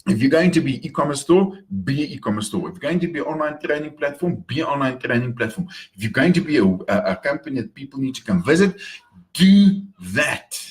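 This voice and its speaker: A man's voice: medium pitch, animated, brisk. A man talking casually in an upbeat morning vlog, repeating words as he goes. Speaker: marketing vlogger.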